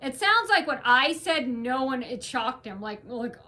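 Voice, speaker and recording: High bright-voiced woman rambling on. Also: sing-song, a little slow. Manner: rambling, restarts often, emphatic. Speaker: vlogger. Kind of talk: casual rambling vlog rant.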